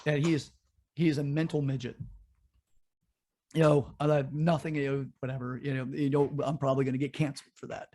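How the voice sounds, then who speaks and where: A man's voice: mid-range voice, level tone, a little fast, dark tone. A man co-hosting a podcast, ranting in a heated, profane way during casual political chat. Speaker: podcast co-host.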